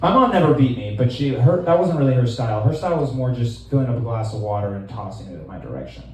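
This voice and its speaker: A man in his twenties doing a stand-up set in a small club, deadpan and rambling, with lots of fillers. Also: medium pitch, fast, very echoey, recorded from a distance, slight background noise, low-quality recording. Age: 20s. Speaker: stand-up comedian.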